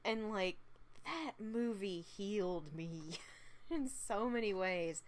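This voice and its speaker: A woman's voice: medium pitch, animated, slow pace. A tired woman vlogging a casual film review, gushing, laughing often and repeating herself.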